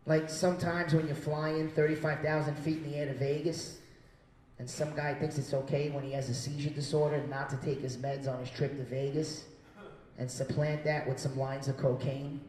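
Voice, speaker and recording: A man delivering a stand-up set in a small venue, with a somewhat high voice that swears freely and leaps into shouted voices for his stories. He sounds set back from the mic, and the room rings around him. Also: level tone, moderate pace, roomy sound, recorded from a distance, slight background noise, rough recording. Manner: profane, loud acted-out quotes. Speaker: stand-up comedian.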